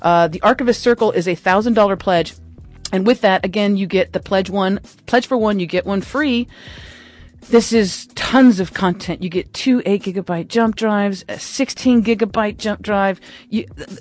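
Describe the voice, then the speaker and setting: Woman, radio host, enthusiastic pledge pitch, chatty, laughs easily, studio mic. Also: a little mellow. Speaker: radio fund drive host.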